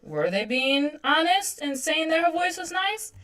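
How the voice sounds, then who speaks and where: A woman's voice: sits high, very animated, measured pace, fairly bright tone. A woman in her thirties chatting casually on a livestream while drawing, self-deprecating and laughing often. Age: 30s. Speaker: webcomic artist streaming.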